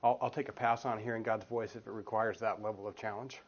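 Quick-paced and steady in tone, a man with a lowish voice speaks as a guest at a church group. He's in his forties, earnest and casual, telling stories in a teaching talk with many restarts. The audio is a dull lo-fi room recording from a meeting room beside a children's group.

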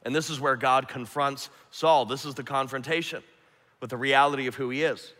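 A man preaching a sermon, earnest, swinging from emphatic to hushed and soft. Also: mid-range voice, fairly even intonation, moderate pace. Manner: earnest, rising to emphatic then dropping to hushed. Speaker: pastor. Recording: long hall reverb.

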